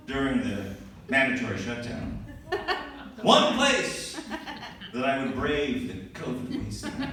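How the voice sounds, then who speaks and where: A young man performing a stand-up comedy set on a comedy club stage, animated and shouting his punchlines in mock panic. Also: a little high, noisy background. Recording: echoey club from far off, crowd laughter. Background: audience laughing and cheering.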